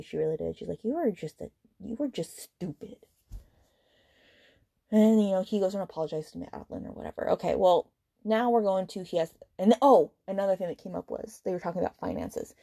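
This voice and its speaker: A woman's voice: lowish voice, creaky, dark tone, breathy edge, dry recording, clean studio sound. A woman hosting a book podcast, retelling a story in a casual, exasperated and sarcastic rant full of fillers and swearing. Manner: fast retelling with many fillers.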